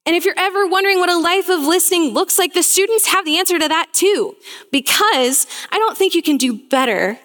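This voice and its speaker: A woman's voice: very high voice, animated, a little fast, fairly bright tone, long reverb tail. A young woman preaching a sermon, telling a story in an earnest, storytelling way.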